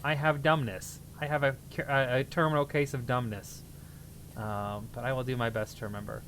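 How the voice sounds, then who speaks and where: A young man streaming, chatting casually with viewers in a bubbly, excitable and self-deprecating way. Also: mid-range voice, moderate pace, a little hiss or hum.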